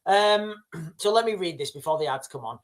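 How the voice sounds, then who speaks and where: A man's voice: on the high side, animated, normal speed. A man hosting a casual livestream, rambling through the news with many fillers and restarts. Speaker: livestream host. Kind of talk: casual live commentary.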